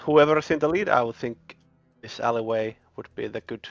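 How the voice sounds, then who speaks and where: A man's voice: mid-range voice, brisk, creaky, dry recording, dull audio, soft background music. A man playing a tabletop game, thinking aloud in a tentative way. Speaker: player.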